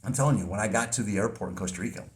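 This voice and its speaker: A man's voice: lowish voice, racing. A middle-aged man hosting a podcast, talking in a casual, rambling monologue with frequent restarts. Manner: rambling, repeats words and restarts. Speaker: podcast host.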